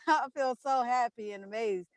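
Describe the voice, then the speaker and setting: Friendly woman caller on a coaching call, high voice, dry sound. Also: normal speed, no room sound. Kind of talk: casual chat.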